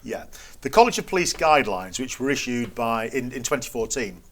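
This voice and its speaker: A man's voice: mid-range voice, very animated, brisk. Wry man retelling a run-in. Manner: acts out quoted exchanges in an incredulous, wry tone. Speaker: guest. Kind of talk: anecdotal storytelling in conversation.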